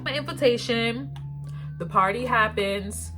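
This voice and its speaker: A woman's voice: fairly high pitch, a little slow, music in the background. A woman in her twenties telling a casual storytime as a beauty vlogger, chatty and slangy, with lots of "like". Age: 20s. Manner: chatty, peppered with "like", slangy and animated.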